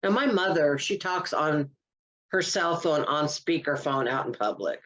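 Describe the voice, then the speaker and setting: Lower-voiced chatty woman. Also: animated, unhurried, fairly bright tone, muffled recording. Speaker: podcast co-host. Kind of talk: casual chat.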